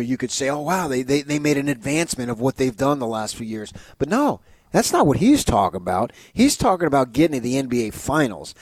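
A man's voice: medium pitch, no room sound. A man hosting sports talk, rambling with restarts and growing emphatic when he praises a player. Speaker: sports radio host.

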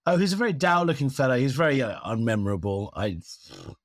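A man's voice: medium pitch, very animated, fast talker, no room sound, clean studio sound. A man, a comedian guest on a comedy podcast, teasing the others and laughing as he talks.

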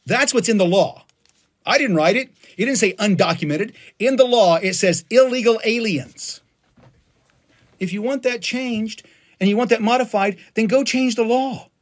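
A man hosting a live stream, delivering an emphatic, passionate rant with frequent restarts. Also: sits high. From United States. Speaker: political livestream host. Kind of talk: ranting monologue on a live stream.

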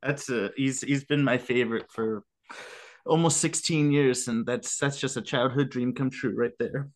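A man's voice: medium pitch, fairly even intonation, normal speed. A man co-hosting a podcast, talking earnestly as an openly moved fan. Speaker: podcast co-host. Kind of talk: casual interview chat.

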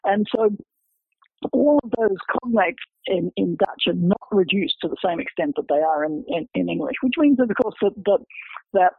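A man, a researcher, explaining his book's findings in an academic, halting way, full of repeated words and fillers. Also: high voice, animated, creaky, slightly rough, no room sound. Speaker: researcher discussing his book. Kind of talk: explanatory interview talk. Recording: dry, phone-like radio line.

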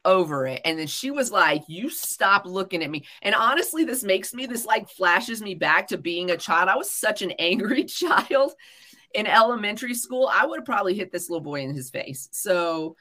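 Blunt, profane woman with a bright voice. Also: medium pitch, expressive, moderate pace. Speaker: podcast co-host. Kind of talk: casual chat.

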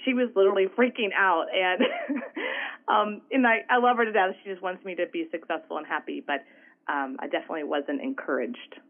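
A woman's voice: fairly low pitch, fairly quick, narrow, tinny audio. A woman from Houston with a Southern accent, telling stories animatedly as an interview guest. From Houston, Texas. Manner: animated, chatty, frequent "right?" asides. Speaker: guest, entrepreneur. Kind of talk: casual interview storytelling.

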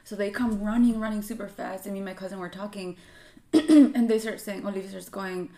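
A woman's voice: mid-range voice, a little fast. A young woman co-hosting a podcast, telling a long story in casual chat with lots of fillers. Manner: animated storytelling with frequent fillers. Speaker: podcast co-host. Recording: echoey room.

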